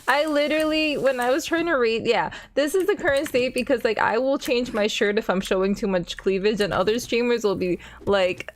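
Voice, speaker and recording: A woman's voice: on the high side, brisk, hardly any pauses, slight background noise. A young woman streamer in casual chat while gaming, rambling and self-deprecating, full of fillers.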